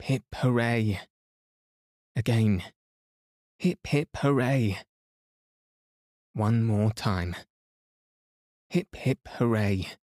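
A man's voice: on the low side, a little mellow, no echo, clean studio sound. A man voicing a bold boy who leads a castle defence, talking fiercely, in a bedtime storybook reading. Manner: fierce, bellowing.

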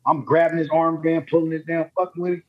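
A man, a former pro basketball player, telling stories in a relaxed, slangy way and laughing often. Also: a little high, quick pace, narrow, tinny audio. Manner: laid-back, slangy, laughing storyteller. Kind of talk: casual storytelling chat.

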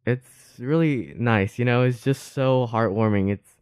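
A man's voice: mid-range voice, unhurried, a little mellow, clear, resonant tone, no echo, studio quality. A young man co-hosting a podcast, talking sincerely and loosely, full of "like" and restarts. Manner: rambling, filler-heavy, sincere. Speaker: podcast co-host. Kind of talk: casual heartfelt chat.

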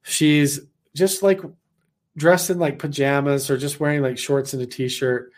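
A man's voice: medium pitch, measured pace. Rambling man from Idaho telling a story. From Idaho, USA. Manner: animated, rambling, heavy on "like" fillers. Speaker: storyteller, former missionary. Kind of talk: casual personal storytelling.

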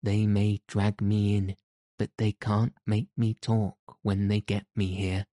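A man voicing a stubborn, sharp-tongued young girl with blunt, sour retorts. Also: on the low side, monotone, takes it slowly, no echo, clean studio sound. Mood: defiant.

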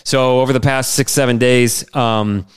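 A man's voice: mid-range voice, steady tone, moderate pace, smooth. Rambling, self-mocking man telling a story. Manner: rambling storytelling, self-deprecating, many restarts. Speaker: podcast co-host, youth sports coach. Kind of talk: casual chat.

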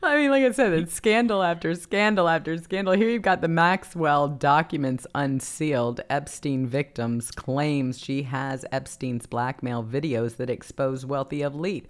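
A woman hosting a talk show in casual chat, emphatic and quick to agree. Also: low voice. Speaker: host.

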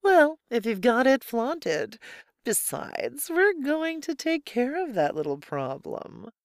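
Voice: medium pitch, very animated, moderate pace, no echo, clean studio sound. A narrator voicing a bossy young woman who teases and mocks in a playful way. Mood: mocking. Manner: mocking, playful.

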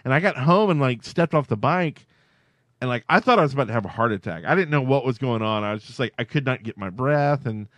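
A man's voice: medium pitch, lively intonation, fast talker, no echo. Guy rambling on a podcast, says like every other word, super dry close sound. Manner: rambling, full of "like" fillers. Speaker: podcast co-host. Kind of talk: casual chat.

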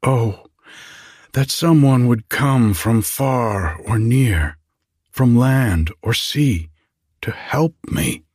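A man's voice: medium pitch, drawn-out words, a little mellow, slightly rough, dry recording, clean studio sound. A man voicing a weary farmer's wife. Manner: tired, sighing plea.

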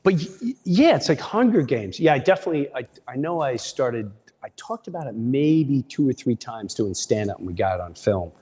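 A young man tells stories in a casual, animated way, his pitch swinging widely as he acts things out. His voice is slightly husky, and a long reverb lingers around it. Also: brisk, few pauses. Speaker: guest comedian. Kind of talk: casual storytelling.

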